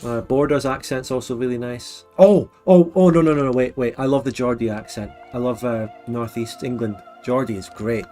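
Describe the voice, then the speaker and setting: A Scottish man hosting a relaxed late-night livestream, chatting frankly and laughing often. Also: mid-range voice, normal speed, hardly any pauses, faint music behind. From Scotland. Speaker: livestream host. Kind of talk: casual late-night stream chat.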